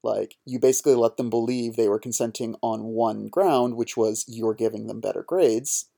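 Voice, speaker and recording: Gravelly-voiced man ranting on a podcast. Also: medium pitch, moderate pace, mellow. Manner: heated, profane ranting. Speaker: podcast co-host. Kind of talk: casual podcast discussion.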